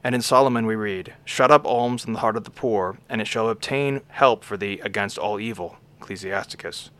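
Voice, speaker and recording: Lowish-voiced man reading a homily. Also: fairly bright tone. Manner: measured reading that names each scripture source after quoting it; occasional stumbles and self-corrections. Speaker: reader of a homily.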